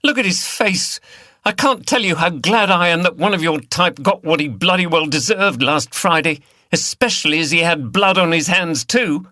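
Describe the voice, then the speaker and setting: A man voicing a fierce, defiant young woman hunt saboteur who shouts and curses. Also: lowish voice, measured pace, hardly any pauses, breathy edge, dry recording, clean studio sound, heavily acted. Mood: furious defiant. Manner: shouting, furious, cursing.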